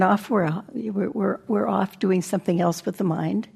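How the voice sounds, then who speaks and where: A woman teaching meditation in a relaxed, conversational way. Her voice is husky with a gravelly edge, and now and then it sinks to a near-whisper. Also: medium pitch, unhurried, few pauses. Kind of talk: dharma talk. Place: meditation center talk.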